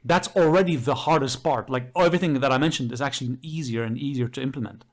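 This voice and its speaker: A man's voice: medium pitch, fast, a little mellow. A man co-hosting a casual podcast chat, explaining his ideas enthusiastically and at length, with many fillers. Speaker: podcast co-host.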